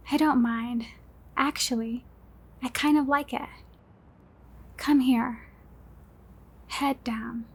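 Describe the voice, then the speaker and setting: Brief: young woman, high breathy voice with gravel, unhurried whispered role-play, possessive teasing. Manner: teasing, possessive, slow and intimate. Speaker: ASMR roleplay performer.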